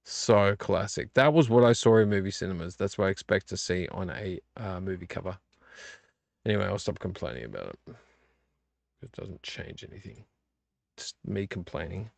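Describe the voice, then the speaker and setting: A man's voice: sits low, moderate pace, creaky, no room sound. A tired man, hosting a casual late-night vlog and rambling about his movie collection. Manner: relaxed, rambling, complains about covers. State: tired and yawning. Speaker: vlog host. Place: home room.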